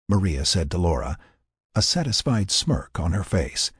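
A low-pitched man reads a story aloud with lively, swinging intonation. His tone is very husky and breathy, recorded close in a dry space. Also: moderate pace, no echo. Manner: expressive, storytelling. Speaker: narrator. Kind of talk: audiobook narration.

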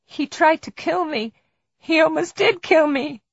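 A woman voicing a terrified, shaken woman in a much higher voice, as in an audiobook. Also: measured pace, vocal fry, no echo. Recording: dull dry recording.

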